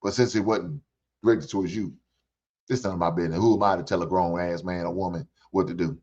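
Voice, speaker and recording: Deep, husky and darkish, the older man's voice runs fast with fairly even intonation as he hosts a reaction show. He rants bluntly, swears a lot and preaches in repeated phrases. It's a dull lo-fi recording of his ranting commentary.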